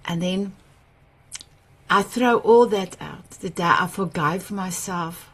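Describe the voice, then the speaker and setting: A woman with a South African accent, an Afrikaans speaker, hosting a summit on a video call and sharing personal stories with gushing, emotional warmth and frequent laughter. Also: fairly low pitch, slow pace, husky. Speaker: summit host.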